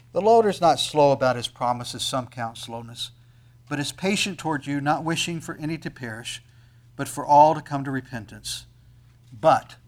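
Preaching in a medium-pitched voice, this middle-aged male pastor rises to loud, soaring emphasis when reading scripture. Afterward he drops back to something quiet and personal.

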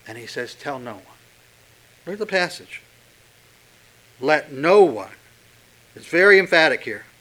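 A man preaching a sermon, pressing hard on key words and dropping to a hush when quoting Scripture. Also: a little high, lively intonation, a little slow, rough recording. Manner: emphatic, swinging from loud stresses to hushed quotes. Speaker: pastor.

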